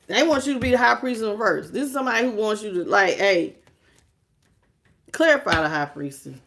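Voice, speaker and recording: A woman's voice: mid-range voice, lively intonation, brisk, creaky, fairly bright tone, slight background noise. A woman doing a tarot reading to camera, sassy and emphatic, often laughing as she talks. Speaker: tarot reader.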